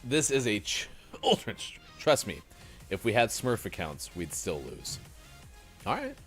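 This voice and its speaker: A man's voice: fairly low pitch, takes it slowly, soft background music. A man co-hosting a gaming morning show, bantering casually and calling out to the chat. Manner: animated, jokey, addressing chat. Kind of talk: casual live-stream banter.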